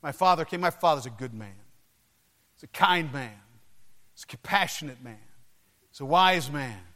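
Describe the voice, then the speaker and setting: A man preaching a sermon, telling personal stories emphatically with dramatic pauses and acted-out voices. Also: a little high, animated, sharp tone. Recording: long hall reverb.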